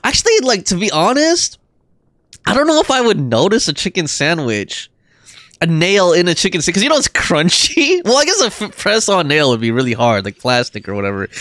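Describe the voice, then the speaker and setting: A man's voice: high-pitched, very animated, fairly quick, a bit bright, no room sound, soft background music. A young man livestreaming a game, chatting casually, rambling through restarts and laughing often.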